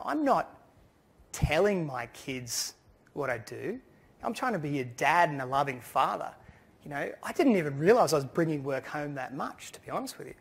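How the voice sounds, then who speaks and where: Male conference speaker, husky tone, swinging pitch, storytelling delivery. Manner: storytelling, quotes his children. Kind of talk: anecdotal conference speech. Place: conference hall stage.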